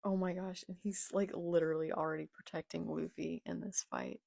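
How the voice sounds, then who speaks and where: A woman reading a manga live and reacting, excitable and gushing, with gasps and exclamations, reading character lines aloud plainly. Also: fairly low pitch, fairly quick, vocal fry, no room sound. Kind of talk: live read-along reaction.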